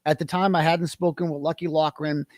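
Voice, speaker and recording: A man's voice: fairly high pitch, level tone, brisk, dry recording, clean studio sound. A man being interviewed, telling his story bluntly and with animation, swearing at times. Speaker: guest, independent journalist. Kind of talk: conversational interview.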